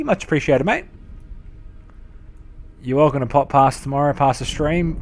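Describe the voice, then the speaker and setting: A man's voice: medium pitch, animated, normal speed, pauses often, a little hiss or hum. A young adult man with an Australian accent, casually commentating a game live and chatting with viewers, swearing a lot. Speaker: game streamer.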